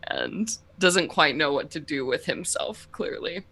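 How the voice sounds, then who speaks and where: A woman's voice: low-pitched, lively intonation, measured pace, bright, forceful tone, slightly rough. A woman narrating a tabletop game as game master, descriptive and full of fillers.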